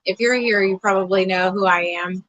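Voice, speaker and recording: A woman's voice: mid-range voice, steady tone, moderate pace, a bit bright, muffled recording. A woman with an Oklahoma accent hosting a casual livestream, greeting viewers in the chat by name. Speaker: host.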